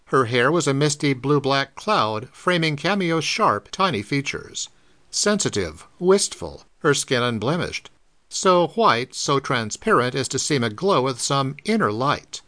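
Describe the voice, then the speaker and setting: A man narrating a pulp mystery audiobook in a dramatic, expressive reading. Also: mid-range voice, a little slow. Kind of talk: scripted narration of pulp fiction.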